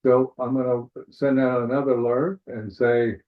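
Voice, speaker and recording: A man's voice: mid-range voice, little pitch movement, moderate pace. A man leading a live trading webinar, walking through charts in a casual way, thinking aloud and saying "all right" again and again. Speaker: forex trading instructor. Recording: tinny phone-like webinar audio.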